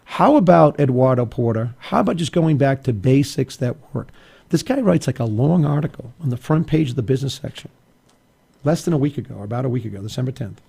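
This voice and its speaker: Male talk host, gravelly and husky, dark-toned, argumentative and emphatic. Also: medium pitch, expressive, a little fast. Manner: emphatic and argumentative, with frequent restarts and asides. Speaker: radio talk show host. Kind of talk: opinionated political commentary.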